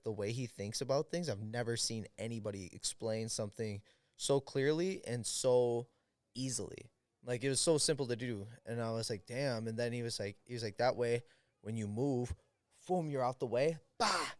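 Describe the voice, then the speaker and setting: An American man, a podcast guest, telling a story in casual chat, animated, acting out the people he quotes. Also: fairly low pitch, no echo. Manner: animated, quotes people in lively voices, many fillers.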